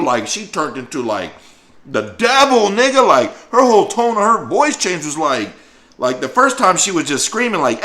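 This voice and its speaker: A man's voice: high voice, moderate pace. A young man telling a profane, slang-filled story in a casual monologue. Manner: slangy, profane, animated retelling. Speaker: storyteller vlogger.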